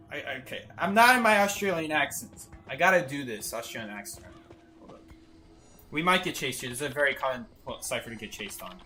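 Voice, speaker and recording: A man's voice: medium pitch, animated, moderate pace, bright, forceful tone, soft background music. A man streaming a game live, commenting on his play and joking with chat, laughing often from a basement room.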